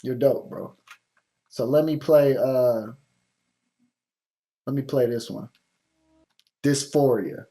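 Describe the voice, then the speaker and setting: A man with a warm, mid-range voice speaks slowly, leaving long pauses. As a music producer hosting a show, he gives feedback on beats bluntly and casually, full of slang and swearing, yet still encourages the producer.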